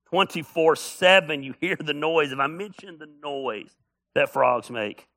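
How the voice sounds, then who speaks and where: A male pastor preaching a sermon, telling stories with humor and building up to shouts. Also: a little high, a little slow.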